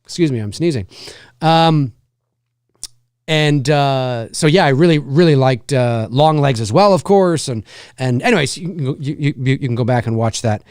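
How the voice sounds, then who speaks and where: Smooth-voiced man chatting casually. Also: medium pitch, expressive, normal speed, a little mellow, no room sound, studio quality. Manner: conversational, rambling and self-correcting. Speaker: livestream host and indie filmmaker. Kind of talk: casual live chat answering viewers.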